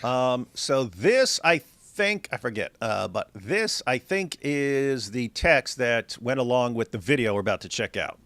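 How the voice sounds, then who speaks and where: A man's voice: mid-range voice, lively intonation, measured pace, few pauses, a bit bright, no echo. A man hosting a casual live stream, reading viewer comments aloud with dry, wry humor. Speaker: show host.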